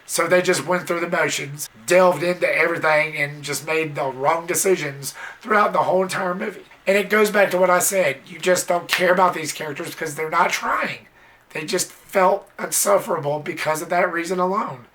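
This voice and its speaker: A movie reviewer giving a casual, blunt spoken film review, exasperated and swearing a little, sometimes jumping into high squealing impressions. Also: normal speed, fairly bright tone. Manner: mimics characters in sudden high squeals.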